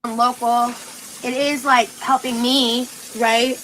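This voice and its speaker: A woman's voice: a little high, flat delivery, takes it slowly, a bit bright, a little hiss or hum, rough recording. A young woman livestreaming in casual chat, talking with valley-girl uptalk and lots of "like".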